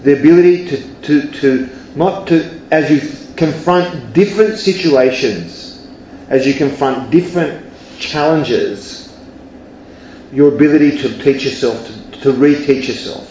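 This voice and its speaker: A man's voice: on the high side, measured pace, a little mellow, slight background noise. A man, a university educator, telling a story in a lecture and often checking in with the audience. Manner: conversational, keeps checking in with "yeah?" and "right?". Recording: roomy, slightly dull lo-fi sound.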